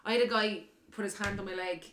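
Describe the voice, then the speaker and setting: A woman's voice: mid-range voice, steady tone, fast, noisy background. A young woman in casual chat, telling her own story and acting out what others said. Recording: echoey room.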